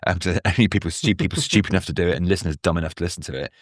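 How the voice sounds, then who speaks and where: A man's voice: sits low, rapid-fire, no echo, studio quality. A man guest on a podcast, chatting casually with rambling, self-mocking asides. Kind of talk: casual chat.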